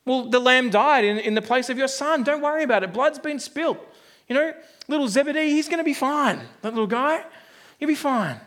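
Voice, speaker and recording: Man doing a cocky confident father, high voice, dismissive, easy reassurance. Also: a little fast, fairly bright tone. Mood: breezy.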